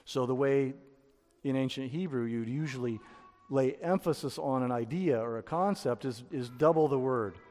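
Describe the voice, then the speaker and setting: A man's voice: mid-range voice, normal speed, a little mellow. A man teaching a Bible lesson in sermon style, explaining step by step with frequent restarts. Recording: long reverb of a hall.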